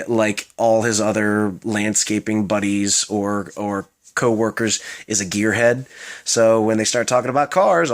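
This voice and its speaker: A young man from Maryland with a Baltimore accent, chatting casually in a vlog, rambling with lots of fillers and self-mocking asides. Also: on the low side. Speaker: vlogger.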